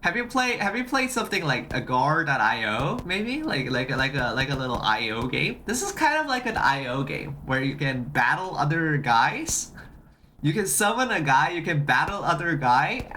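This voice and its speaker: A streamer chatting casually on a live stream, excitable and often repeating phrases while greeting chat. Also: medium pitch, moderate pace, slight background noise.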